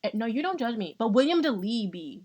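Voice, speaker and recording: A woman in casual chat, ranting and joking in a loud, profane, slangy way, with a squeaky, nasal voice and added echo on her mic. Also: big pitch swings, brisk.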